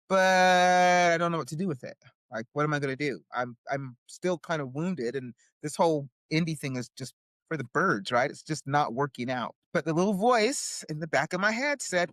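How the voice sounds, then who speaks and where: A woman's voice: low voice, no room sound, clean studio sound. A woman who is an indie author and publisher, a guest telling her story in a casual interview and often tagging lines with "right?". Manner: animated, acts out quoted voices, frequent "right?".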